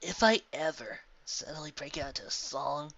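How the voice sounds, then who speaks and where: A man voicing a brash, competitive young female pegasus pony with loud, boastful banter. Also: a little high, moderate pace, gravelly, muffled recording. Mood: mumbling.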